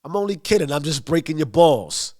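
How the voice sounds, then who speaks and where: A man's voice: a little high, very animated, a little fast, dark tone. A man doing a mocking older mobster. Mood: teasing. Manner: nonchalant, needling.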